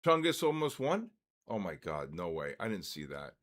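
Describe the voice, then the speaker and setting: A man hosting a trading live stream, calling out giveaway winners in a drawn-out, repetitive way. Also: low-pitched, sing-song, a bit bright.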